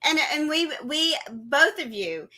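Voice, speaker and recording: A middle-aged woman co-hosting a casual live stream, effusive and quick to laugh. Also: high-pitched, very animated, bright, forceful tone. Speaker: livestream co-host.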